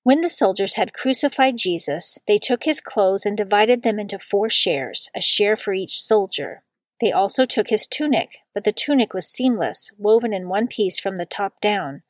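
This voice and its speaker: A woman giving a steady, measured scripture reading. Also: medium pitch, dry recording.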